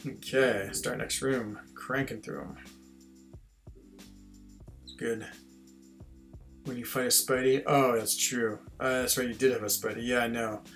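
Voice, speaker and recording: Man from switzerland, gravelly voice, casual game-stream chatter, faint music behind. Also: medium pitch, fairly even intonation, measured pace, pauses often, fairly bright tone. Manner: chatty, self-deprecating, reads chat aloud. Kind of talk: casual gameplay stream chat.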